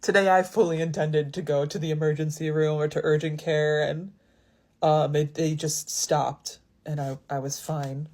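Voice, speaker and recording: A woman's voice: deep voice, fairly even intonation, normal speed, a little mellow. A woman in her thirties telling a personal story in a rambling, confiding way, with many restarts. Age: 30s. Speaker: vlogger. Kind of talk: casual storytime.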